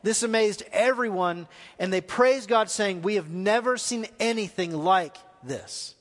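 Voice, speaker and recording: A man's voice: sits high, a little slow, long reverb tail. A man preaching a live sermon as pastor, asking the congregation questions as he goes. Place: church hall.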